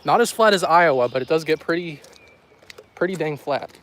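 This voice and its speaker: A man with a fairly high, expressive, slightly bright voice speaks at a normal speed. He's hosting a casual weather livestream outdoors beside a countryside road, walking while filming on a handheld phone and rambling and joking with his chat.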